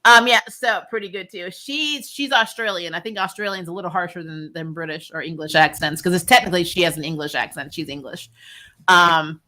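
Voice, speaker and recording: A woman YouTube host chats on a live stream about a TV series, reading viewer comments, laughing a lot and making quick asides. Her voice is lowish, with a bright, forceful tone.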